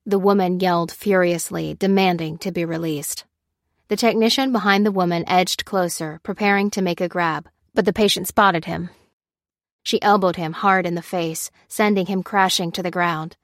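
A female audiobook narrator reads a chapter of a novel aloud in a steady, measured way. Her voice sits fairly low, and the scripted narration is captured cleanly in a dry studio setting.

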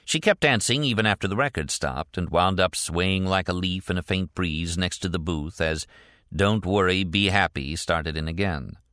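A man narrating an audiobook in a measured, even storytelling voice. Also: low voice, no room sound, clean studio sound.

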